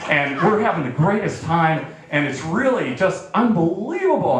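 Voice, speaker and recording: Brief: lively male storyteller, mid-pitched, very reverberant room. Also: brisk. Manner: animated, acts out quotes. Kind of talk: personal story told to a live audience. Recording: very echoey barn with faint noise.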